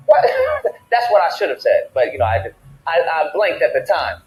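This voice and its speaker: A man's voice: fairly high pitch, big pitch swings, normal speed, reverberant, low-quality recording. A man hosting a casual talk show, telling a heated story and acting out both sides of the argument. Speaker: podcast host. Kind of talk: animated storytelling rant.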